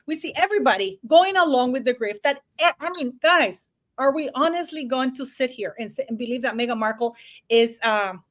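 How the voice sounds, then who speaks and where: A woman hosting a live-stream chat, talking in an animated, excited way. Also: a little high. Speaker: channel host.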